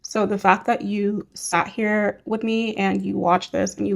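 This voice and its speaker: A young woman vlogging casually as she goes through her hygiene routine, talking in a gentle, reassuring, rambling way with many fillers. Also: medium pitch, little pitch movement, unhurried, creaky. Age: young adult. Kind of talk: casual talk to camera while doing hygiene.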